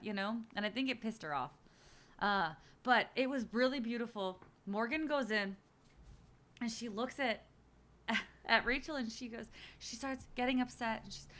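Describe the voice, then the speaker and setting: Bright-voiced woman streamer chatting. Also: fairly high pitch, a little fast. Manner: animated, swearing, acts out houseguests' quotes. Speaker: streamer hosting a reality show watch party. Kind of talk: casual chat.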